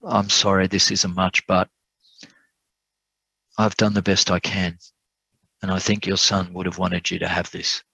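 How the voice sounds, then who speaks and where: A man doing a humble, grateful young soldier who speaks softly and apologetically. His voice is low and dry. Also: completely flat delivery, a little slow, gravelly, long pauses, breathy edge, dry recording, heavily acted, rough recording.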